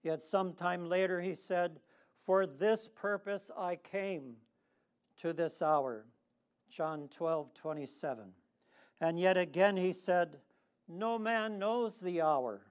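A man preaching a sermon slowly and deliberately, with long dramatic pauses, and leading the congregation to repeat lines after him. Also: high voice, smooth. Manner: leads the congregation in responsive reading.

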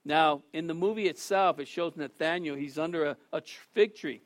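High-voiced man preaching a casual sermon. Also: normal speed, no room sound. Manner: animated, restarts often, acts out quotes.

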